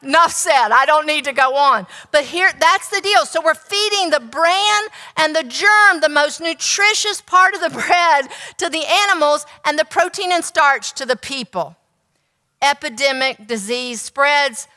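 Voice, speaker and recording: Bright-voiced woman teaching in a hall. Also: high-pitched, a little slow. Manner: animated, rhetorical questions to the audience. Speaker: nutritionist giving a talk. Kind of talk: teaching talk with storytelling.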